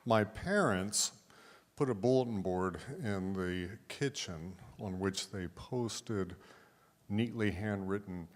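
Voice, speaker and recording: A man telling a personal story in a slow, measured way. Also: deep voice, a faint crowd, slight background noise. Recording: long hall reverb.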